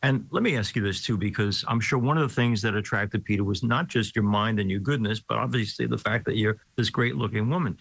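An older male clergyman hosts the conversation and asks his guest long, winding questions. His voice sits at an ordinary middle pitch. It is recorded close and dry, with no echo. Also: a little fast, creaky, few pauses, a bit bright, slightly rough. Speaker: host, clergyman. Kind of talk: interview conversation.

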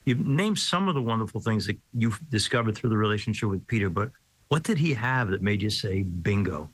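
Male host, middle-aged, low voice, dry close sound, chatty interviewer. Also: animated, brisk, husky, dry recording, rough recording. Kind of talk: conversational interview.

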